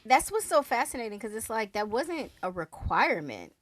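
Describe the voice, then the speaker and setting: A woman co-hosting a book podcast, talking in a playful, animated way and acting out little quotes. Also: a little high, normal speed, no echo. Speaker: podcast co-host. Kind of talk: casual book discussion.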